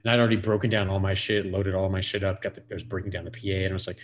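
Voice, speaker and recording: A man's voice: deep voice, flat delivery, rapid-fire. A man in his forties, a podcast guest, telling a profane, rambling story full of "like" fillers. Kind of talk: casual storytelling.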